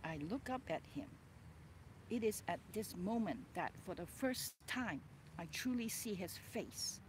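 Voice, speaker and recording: A woman author reading her own memoir aloud, expressive and dramatic, breaking off for chatty asides. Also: mid-range voice, a little slow, a little hiss or hum. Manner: expressive, swings between soft and loud, chatty asides.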